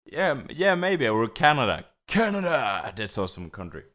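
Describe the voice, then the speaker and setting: A man's voice: mid-range voice, sing-song, brisk, a bit bright. Hesitant Swedish-accented man co-hosting. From Sweden. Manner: hesitant, restarts words, searches for English phrases. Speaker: podcast co-host. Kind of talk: casual podcast banter.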